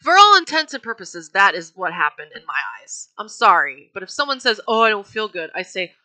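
A woman's voice: medium pitch, big pitch swings, brisk, bright, forceful tone. A woman casually telling a true crime story, chatty and profane with wry asides. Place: home.

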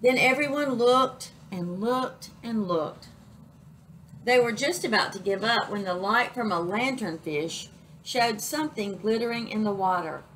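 Slow, expressive woman reading a children's story. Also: a little high, a little hiss or hum, low-quality recording. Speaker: children's librarian reading aloud. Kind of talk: children's story read-aloud.

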